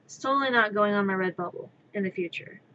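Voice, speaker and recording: A woman's voice: mid-range voice, fast, pushed and bright, lo-fi sound, slight background noise. A woman streaming her crafting, chatting in a rambling, playful way from her own room, sometimes scolding her cat. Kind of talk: casual live-stream chatter.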